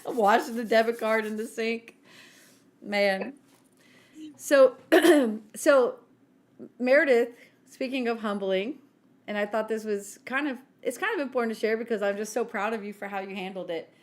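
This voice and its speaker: A woman co-hosting a podcast, telling self-mocking stories in an animated casual chat. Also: a little high, normal speed. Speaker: podcast co-host.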